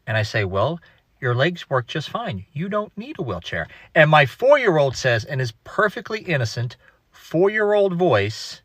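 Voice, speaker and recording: Bright, husky-voiced dad, very dry sound. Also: male voice, on the high side, big pitch swings, normal speed, no room sound. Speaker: father telling a story. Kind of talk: casual storytime.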